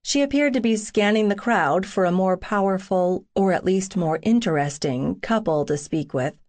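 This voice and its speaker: A woman narrating a first-person romance audiobook in an intimate, wry, unhurried reading. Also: medium pitch, a little mellow.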